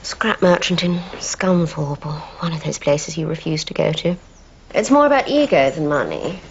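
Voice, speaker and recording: An actress playing a sharp-tongued woman with a posh English accent, in a television drama. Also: sits low, lively intonation, moderate pace, muffled recording, a little hiss or hum. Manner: crisp, sardonic, indignant.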